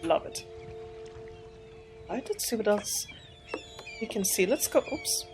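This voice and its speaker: A woman narrates her let's play of a story game, chatty and prone to giggles, thinking aloud as she explores. Her voice moves lively up and down, with faint game music under it. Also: medium pitch, slow pace. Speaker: gaming channel host.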